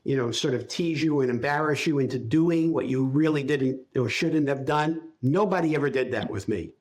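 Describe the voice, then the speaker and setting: An older man as a podcast guest, recalling his life in a reflective, halting storytelling way. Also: medium pitch, darkish tone. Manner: reflective, speaks in halting restarts while recalling. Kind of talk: casual interview storytelling.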